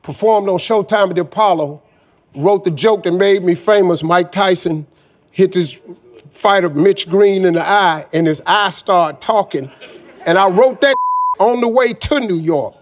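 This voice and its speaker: A man's voice: high-pitched, unhurried. A middle-aged man telling a personal story in a folksy, casual way, often adding "man". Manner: folksy, says "man" often, Southern Black vernacular. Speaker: guest storyteller. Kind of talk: personal story told to an audience.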